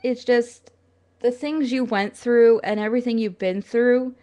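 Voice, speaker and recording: A woman's voice: a little high, steady tone, unhurried, mellow. A young woman talking casually to her camera, earnest and chatty, with many fillers, at times close to tears. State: tearful at times. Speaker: vlogger.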